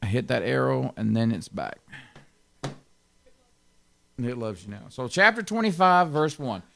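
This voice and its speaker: A man's voice: mid-range voice, expressive, a little slow, gravelly, a bit bright. A man pastor giving an informal Bible teaching, stressing key words and chuckling often.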